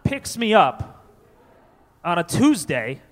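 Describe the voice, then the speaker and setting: Animated, foul-mouthed stand-up comic. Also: male voice, high-pitched, slow pace. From Connecticut, USA. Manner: animated, profane, self-deprecating. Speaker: stand-up comedian. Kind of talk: live stand-up comedy. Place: comedy festival stage before an audience. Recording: reverberant live venue.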